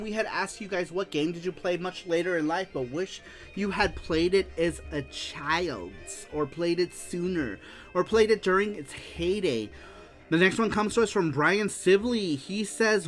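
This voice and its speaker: A man hosting a casual retro game livestream, reading viewer answers aloud with frequent laughter. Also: high-pitched. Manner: animated, laughs often, reads aloud.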